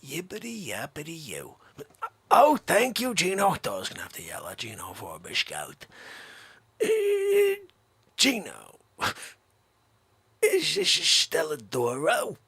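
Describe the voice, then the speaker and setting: A shrill, manic older man barks demands and rambles on, as a man puts him on, his voice leaping all over the place. He is a bossy comic loudmouth with a slow, dragging delivery and a high, strained pitch. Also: huge pitch swings, breathy edge, dry recording, heavily acted. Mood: demanding.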